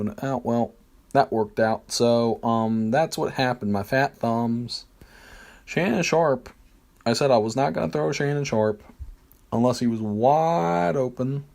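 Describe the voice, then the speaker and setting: This man's medium-pitched voice is creaky with a darkish tone as he casually comments on his football video game stream. He rambles and hesitates, using many fillers and self-deprecating jokes while explaining his plays.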